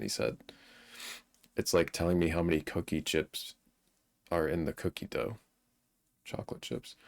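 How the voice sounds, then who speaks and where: A man with a very deep voice and a gravelly fry, talking casually on a live stream. He reads headlines aloud and drops profane asides between them. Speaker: streamer co-host.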